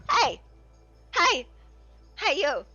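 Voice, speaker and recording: Casual woman streamer: high, animated, coos and swears between dog play; muffled stream audio. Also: drawn-out words, over loud music. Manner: swears freely, coos baby talk at her dogs. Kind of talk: casual live-stream chat.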